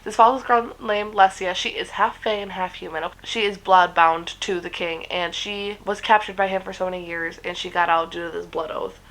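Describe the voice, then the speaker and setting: A woman's voice: on the low side, fairly even intonation, normal speed, hardly any pauses, fairly bright tone, rough recording. Chatty woman gushing about books. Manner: chatty and gushing, swears freely, many fillers. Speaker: book vlogger. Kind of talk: casual book review chat.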